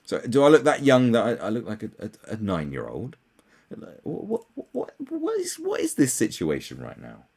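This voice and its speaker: A young man ranting sarcastically as a commentary host, swearing often and mocking others in shrill put-on voices. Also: huge pitch swings, moderate pace, creaky, darkish tone, breathy edge.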